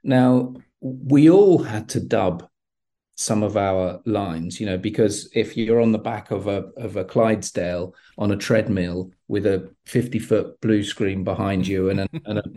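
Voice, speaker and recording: A man, a guest actor, speaking in a measured, hesitant way with many fillers. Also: on the low side, warm tone. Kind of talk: casual interview chat.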